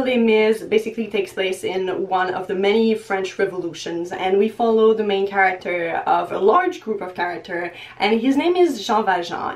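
Young female book vlogger, casual and chatty, laughs a lot, mid-pitched, mic set back a bit. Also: darkish tone. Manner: chatty, often breaks into laughs. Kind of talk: casual chat to camera. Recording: voice a little distant from the mic.

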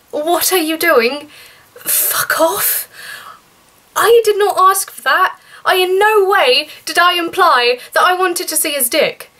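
Chatty young woman telling a story. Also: fairly bright tone. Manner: chatty and indignant, rising pitch when outraged. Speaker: vlogger. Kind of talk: story time vlog.

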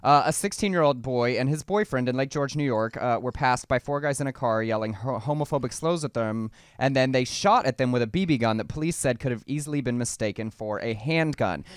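A young adult man from the American South, co-hosting and giving earnest, measured news commentary. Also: mid-range voice, smooth, no echo, clean studio sound. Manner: earnest, measured, fluent argument. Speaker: co-host.

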